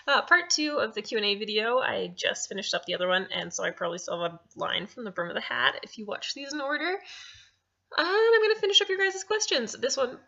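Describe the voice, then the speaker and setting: A woman's voice: medium pitch, vocal fry, bright, forceful tone. A young woman chatting casually as a vlogger, answering viewer questions and laughing often. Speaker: cosplay vlogger. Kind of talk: casual vlog Q&A. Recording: dull lo-fi home recording.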